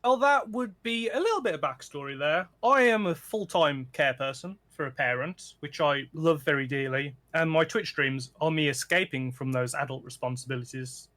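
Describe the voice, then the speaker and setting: A man's voice: a little high, moderate pace, hardly any pauses, pushed and bright. A middle-aged man from England, a guest streamer chatting casually and joking about his own silly accents. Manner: jokey, playful with silly accents. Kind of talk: casual podcast chat.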